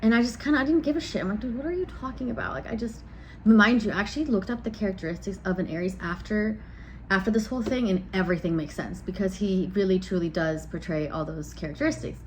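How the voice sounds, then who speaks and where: A woman's voice: medium pitch, fast talker, a little hiss or hum. Frank, rambling woman in her thirties. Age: 30s. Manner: rambling, frank, loses her train of thought; blunt and exasperated. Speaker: vlogger. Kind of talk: casual storytime chat.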